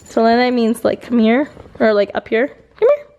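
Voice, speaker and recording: A woman's voice: a little high, flat delivery, normal speed, darkish tone. A woman vlogging at home and talking to her dog in a giggly, cooing voice, with a dog heard in the background. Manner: cooing baby talk to a pet, giggly. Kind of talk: casual vlog chat with her dog.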